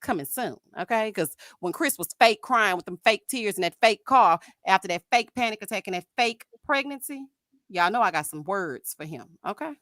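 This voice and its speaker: A woman hosting a live stream, chatting about a reality show in a sassy, animated way, calling her viewers "honey" and "child.". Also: mid-range voice, moderate pace, no echo, clean studio sound. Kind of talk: casual reality TV commentary.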